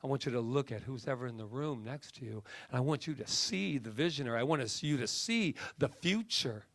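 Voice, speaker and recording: Impassioned gravelly male minister. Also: mid-range voice, animated, brisk, no room sound. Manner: impassioned, rising to emphatic peaks then dropping to soft near-whispers. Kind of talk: sermon.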